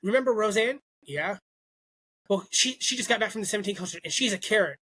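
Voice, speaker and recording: A young man co-hosting a casual podcast, telling a long story with a bright, clear voice. He jumps into the voices of the people he quotes and keeps the chat loose. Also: high-pitched, very fast, a little hiss or hum. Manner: animated, acts out quoted voices. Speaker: podcast co-host.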